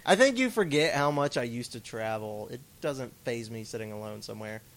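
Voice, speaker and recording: Young male podcast co-host, blunt, laid-back, medium pitch. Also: lively intonation, brisk, fairly bright tone. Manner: blunt, easygoing, mild swearing. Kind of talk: casual chat.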